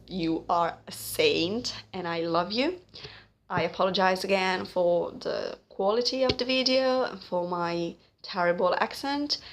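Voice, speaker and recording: A woman in her late twenties talking at home in an earnest, halting vlog monologue, full of pauses and fillers. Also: fairly low pitch, fairly bright tone. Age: late 20s. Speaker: vlogger. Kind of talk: casual spoken monologue.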